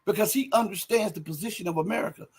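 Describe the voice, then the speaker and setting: A man hosting a livestream, reading viewer chat and commenting emphatically, firing rhetorical questions and building up to shouting. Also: sits high, quick pace, slightly rough. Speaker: livestream host.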